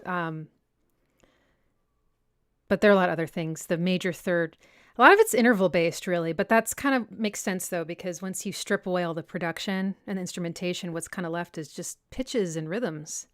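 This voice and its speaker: Smooth-voiced young woman, chatty livestream host. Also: lowish voice, normal speed, no room sound, studio quality. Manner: chatty, reads out viewer comments and answers them. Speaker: music analysis channel host. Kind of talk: casual livestream Q&A chat. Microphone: personal desk mic.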